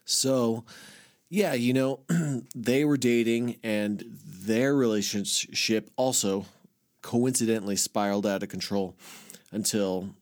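Rambling, profane low-voiced man. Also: steady tone, takes it slowly, a little mellow. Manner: rambling, profane, heavy filler words; self-mocking, laughs at himself. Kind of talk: casual storytelling monologue.

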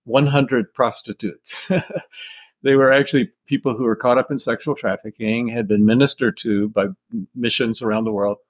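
Soft-spoken older American man, dry close sound. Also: medium pitch, fairly even intonation, no room sound. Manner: measured, thoughtful storytelling with soft chuckles. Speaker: author being interviewed. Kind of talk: reflective interview answers.

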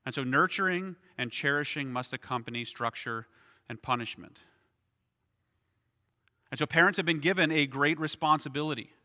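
A man's voice: fairly high pitch, normal speed, pauses often, sharp tone, in a large hall. A man preaching a sermon as pastor, in a conversational way, often asking "right?".

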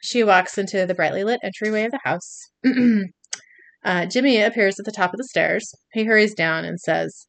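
A young woman co-hosts a podcast, recapping an episode by reading scenes in a mid-range, slightly bright voice at a moderate pace. She repeatedly laughs and cuts off mid-read, with no room sound.

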